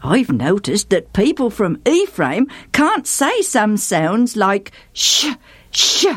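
A woman voicing an excitable male adviser who chatters eagerly and giggles about how people speak. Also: mid-range voice, takes it slowly, slightly rough, no echo, heavily acted.

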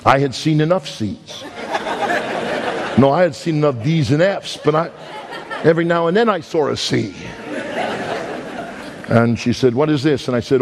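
A man's voice: lively intonation, moderate pace, pauses often, a crowd in the background. A man with a Brooklyn accent preaching a sermon, telling stories and pressing his points with big swings in his voice. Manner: storytelling, dramatic swings in pitch, emphatic. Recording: long hall reverb.

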